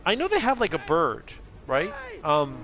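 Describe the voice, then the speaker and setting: A man's voice: on the high side, huge pitch swings, a little slow, over music. A man in his thirties giving casual, rambling commentary while playing a video game, laughing often. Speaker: gameplay streamer.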